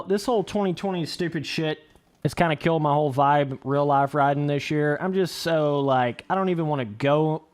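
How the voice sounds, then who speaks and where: A man's voice: on the high side, a little mellow, clean tone. Laid-back young man streaming a game. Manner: laid-back, rambling, swears freely. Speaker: gaming livestreamer. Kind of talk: casual livestream commentary.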